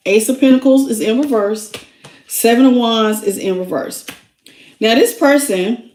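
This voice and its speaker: A woman's voice: on the high side, darkish tone, roomy sound. A woman doing a casual tarot reading, chatting emotionally and greeting viewers by name as she goes. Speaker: tarot reader.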